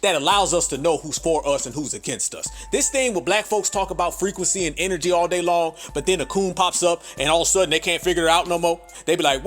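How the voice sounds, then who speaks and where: High-pitched man ranting profanely. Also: fast talker, hardly any pauses, soft background music. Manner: profane, emphatic, addresses listeners as family. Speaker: podcast host. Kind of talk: ranting commentary.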